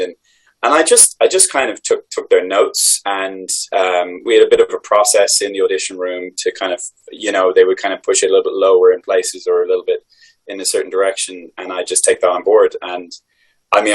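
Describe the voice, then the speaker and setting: Low-voiced Irish man, rambling. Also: rough recording. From Ireland. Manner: reflective, rambling, many restarts. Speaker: voice actor guest. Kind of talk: conversational interview answers.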